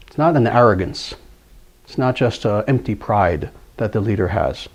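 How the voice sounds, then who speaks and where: A man's voice: mid-range voice, a little mellow. A man giving a spiritual lecture, earnest, telling a story and repeating key phrases for emphasis. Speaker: spiritual teacher.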